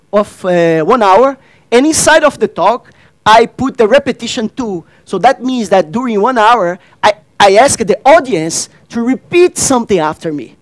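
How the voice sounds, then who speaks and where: A high-pitched male workshop speaker works the crowd from the stage, asking the audience questions and performing bits of dialogue. He uses non-native grammar and says phrases more than once, and the low-quality recording has no echo.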